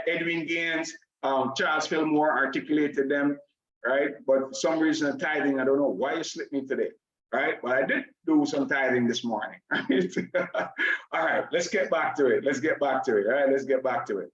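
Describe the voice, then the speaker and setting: A man hosting an online motivational class over a video call, energetic, tacking "right?" onto nearly every phrase and calling on the audience in the chat. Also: a little high. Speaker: online class host and coach. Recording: dull, echoey video call audio.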